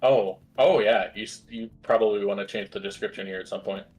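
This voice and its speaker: Male podcast guest, low voice, easygoing, patient explainer. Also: a little fast, darkish tone. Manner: explaining patiently, hesitant fillers. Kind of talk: casual chat.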